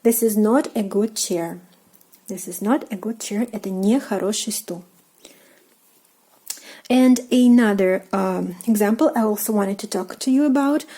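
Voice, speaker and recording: A woman with a Russian accent teaching a language lesson, speaking slowly and carefully with many ums and uhs and repeating each example phrase. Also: mid-range voice, dark tone, low-quality recording. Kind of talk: lesson explaining grammar while writing.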